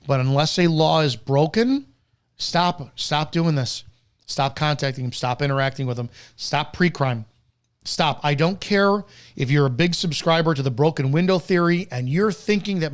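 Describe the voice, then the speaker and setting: A man's voice: a little high, expressive, unhurried. A man hosting a live commentary show, reacting to news clips in a blunt, profane, ranting way. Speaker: host.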